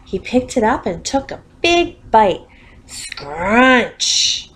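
Slow, animated woman reading a kids' story. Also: mid-range voice, poor audio. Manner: animated, with playful sound effects. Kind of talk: children's story read-aloud.

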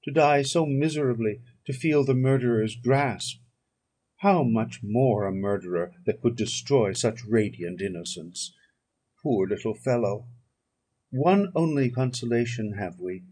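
Man reading as a husky, grieving young friend. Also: mid-range voice, unhurried, a little mellow. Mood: sorrowful. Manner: earnest, consoling.

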